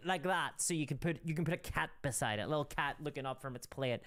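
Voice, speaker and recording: A woman's voice: sits low, quick pace, a bit bright. A woman streamer in casual livestream commentary, reading chat and ranting with opinionated energy and frequent restarts.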